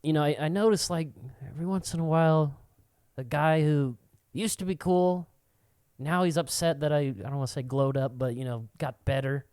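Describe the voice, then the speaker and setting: A man's voice: a little high, steady tone, normal speed, darkish tone, smooth, no echo, clean studio sound. A man co-hosting a casual podcast, telling stories in a profane, ranting way. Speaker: podcast co-host.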